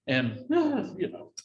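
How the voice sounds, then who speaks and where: A man leading a Bible study, folksy and conversational, acting out scripture with lively quoted voices. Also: highs cut off, a little hiss or hum. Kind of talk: informal Bible study teaching. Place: church room with a group. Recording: echoey room, mic at a distance.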